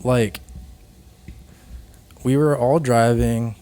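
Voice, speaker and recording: A man's voice: mid-range voice, fairly even intonation, drawn-out words, dark tone. A young man co-hosting a podcast in a laid-back, casual chat full of "like" and "dude". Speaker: podcast co-host. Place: from Phoenix.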